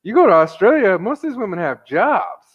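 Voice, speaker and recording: A man's voice: high-pitched, sing-song, brisk, husky, lo-fi sound. A man hosting a casual podcast chat, rambling and crude, full of filler words. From United States. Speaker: podcast host.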